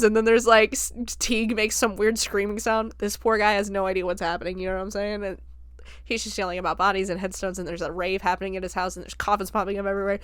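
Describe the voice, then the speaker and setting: Young woman podcaster, animated, profane retelling, smooth clear voice, dry close sound. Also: medium pitch, fast, no echo. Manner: profane, animated storyteller who jumps into quoted voices. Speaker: podcast host. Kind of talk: casual film review retelling.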